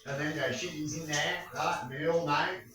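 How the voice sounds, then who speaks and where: A man's voice: a little high, steady tone, a little fast, music in the background. A man ranting in a rambling monologue, crude and full of rhetorical questions. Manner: crude, rambling, keeps asking "right?". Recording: echoey room, far from mic.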